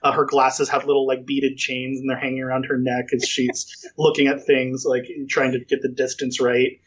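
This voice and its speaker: A man's voice: medium pitch, monotone, moderate pace, slightly rough. Rambling, jokey man on a lo-fi call. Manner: rambling, jokey storytelling with many fillers. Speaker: interviewer. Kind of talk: casual podcast chat.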